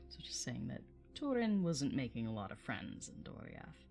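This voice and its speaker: Female streamer, low voice, chatty, reads verse aloud, faint music behind. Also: very animated, normal speed, gravelly, hardly any pauses, darkish tone. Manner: chatty, laughs often, greets chat viewers. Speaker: livestream host reading and reviewing poetry. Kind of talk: casual livestream chat and poetry reading.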